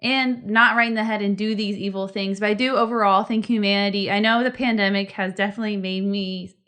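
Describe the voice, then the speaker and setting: A woman's voice: medium pitch, steady tone, fairly quick, fairly bright tone, smooth. A woman in her thirties co-hosting a podcast, chatting casually in an earnest, reflective way. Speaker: podcast co-host. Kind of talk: casual chat.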